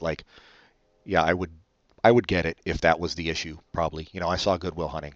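A man's voice: deep voice, level tone, fast, no echo, highs cut off. A man hosting a podcast on his own, rambling casually in a self-deprecating way and often trailing off. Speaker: podcast co-host. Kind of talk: rambling solo podcast chat.

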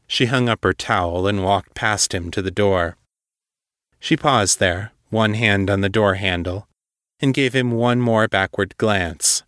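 A man narrating a fiction story in a steady, measured audiobook style. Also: lowish voice, no room sound, studio quality.

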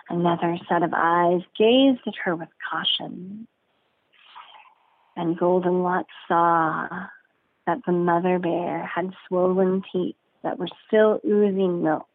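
A storyteller narrates a folk tale in a low, gravelly voice, going slowly and deliberately and lingering on rich sensory details. The audio is dry and squeezed into a narrow, phone-like band.

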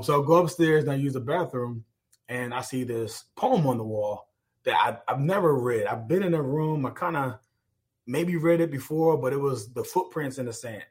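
Earnest man telling a personal story. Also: medium pitch. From United States. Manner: earnest, with many fillers and restarts. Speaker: podcast guest, former pro football player.

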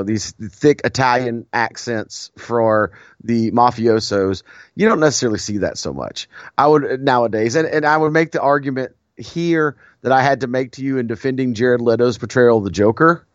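A man's voice: medium pitch, dry recording. Guy rambling on a podcast, goes off on tangents, kinda muffled dry recording. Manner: rambling, digressive, with frequent restarts and laughs. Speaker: podcast co-host. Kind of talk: casual chat.

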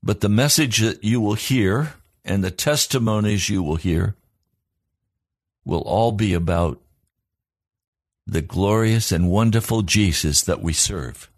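A man's voice: fairly low pitch, lively intonation, unhurried, no echo, studio quality. A man preaching a sermon as a pastor, in an earnest, emphatic cadence built on repeated phrases.

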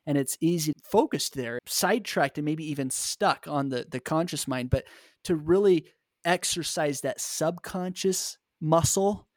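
A man's voice: a little high, a little slow, no echo, studio quality. A man hosting a podcast, reflecting on and encouraging his guest's story. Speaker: podcast host. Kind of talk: casual interview talk.

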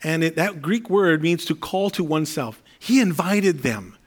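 A man's voice: on the high side, animated, normal speed. A man preaching an earnest, conversational sermon, explaining scripture and Greek words. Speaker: pastor.

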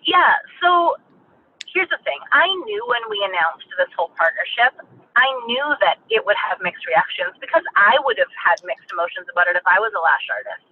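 A woman's voice: medium pitch, expressive, a little fast, a little hiss or hum. A woman being interviewed as a business owner, telling her story in a chatty way full of filler words. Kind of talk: casual storytelling. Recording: tinny phone-like line.

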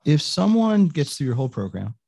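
A man's voice: fairly high pitch, very animated, fairly quick, gravelly, mellow, husky, no room sound, studio quality. A middle-aged American man hosting a podcast, chatting casually and rambling with frequent restarts. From United States. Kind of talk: casual interview chat.

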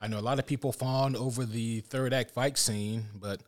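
A man co-hosting a casual movie review podcast, steering the conversation in a relaxed way. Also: medium pitch, normal speed. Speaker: podcast co-host.

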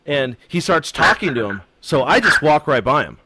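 A man appearing as a guest on a casual show, telling stories with animated quoted voices and some swearing. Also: on the high side, normal speed, heavy background noise. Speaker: studio guest. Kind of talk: casual storytelling.

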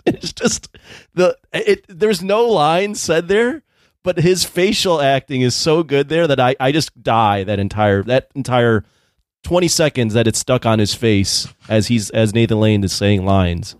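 A man's voice: medium pitch, a little slow, no room sound, studio quality. A man co-hosting a casual film review chat, retelling scenes with lots of laughter. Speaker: podcast co-host.

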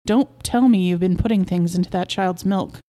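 A woman's voice: fairly low pitch, normal speed, dark tone, natural voice. A woman voicing an anxious, protective young mother who scolds her husband indignantly, in a storybook reading. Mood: suspicious.

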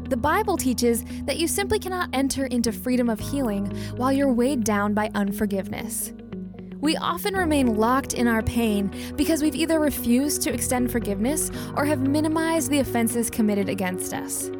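A woman reading a scripted podcast introduction in a calm, measured way. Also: sits high. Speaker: podcast announcer. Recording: studio voice-over with music bed.

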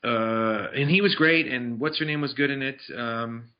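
A man's voice: mid-range voice, moderate pace. Guy chatting about movies, lots of restarts, kinda dull lo-fi sound. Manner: rambling, restarts, many fillers. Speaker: film reviewer. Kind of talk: casual movie review chat.

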